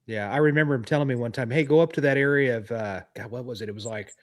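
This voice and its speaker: Man, detective host, casual chat, mid pitch. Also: quick pace. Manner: brief agreeing interjections, laughs while recalling. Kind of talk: casual conversation.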